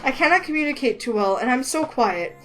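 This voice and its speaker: A woman voicing a shy, soft-spoken young man who talks politely and formally and hesitates, with faint music behind her. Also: sits high, animated, a little fast, rough recording. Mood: earnest.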